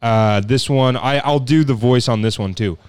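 A man's voice: medium pitch, normal speed, smooth, dry recording, studio quality. A man hosting a casual podcast quiz about sportscaster catchphrases, swearing and laughing as he talks. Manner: swearing, laughing, playful, lively, does sportscaster impressions. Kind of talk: casual chat.

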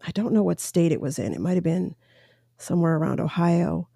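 Mellow-voiced woman ranting on her podcast. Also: fairly low pitch, fairly quick, creaky, husky, no room sound, studio quality. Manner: opinionated, rambling, self-correcting. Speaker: podcast host. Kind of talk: casual solo podcast commentary.

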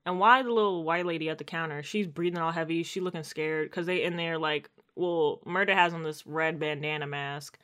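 A woman's voice: sits low, fairly quick, hardly any pauses. A woman co-hosting a podcast, casually recapping a TV episode and acting out the characters' lines. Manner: animated storytelling, acts out quotes. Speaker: podcast co-host.

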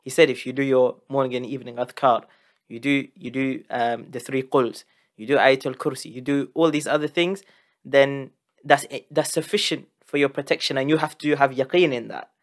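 A man's voice: medium pitch, fairly even intonation, moderate pace. A man hosting a casual interview, reflecting thoughtfully and asking open questions, with Arabic religious phrases in his talk. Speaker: podcast host.

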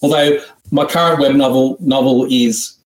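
A man's voice: mid-range voice, steady tone, moderate pace. A man with an Australian accent hosts an online writing seminar in a casual, joking, rambling way with frequent restarts. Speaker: seminar host. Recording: roomy echo.

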